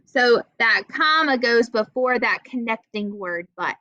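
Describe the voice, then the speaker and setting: A young adult woman teaching an online writing class, patient and encouraging, reading example sentences slowly. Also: a little high, lively intonation, sharp tone, dry recording, highs cut off. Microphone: video call.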